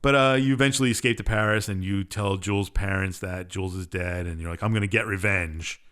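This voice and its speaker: A young man on a podcast runs through a game's plot in loose, casual chat. His voice sits a bit low, and he shrugs off details with offhand, sarcastic asides. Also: steady tone, fast talker, fairly bright tone, clean tone. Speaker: podcast co-host.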